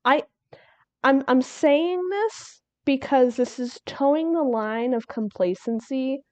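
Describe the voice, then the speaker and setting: A woman's voice: sits high, expressive, takes it slowly, a little mellow, dry recording. A woman streaming while she draws, chatting casually in a rambling way, laughing and restarting her sentences. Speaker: artist streamer.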